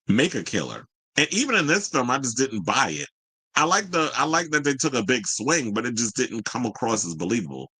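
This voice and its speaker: A man hosting a casual pop culture podcast, sassy and animated, reading viewer comments and riffing on them. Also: mid-range voice, dry recording, poor audio. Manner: sassy, animated, reads chat comments aloud. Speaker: podcast host.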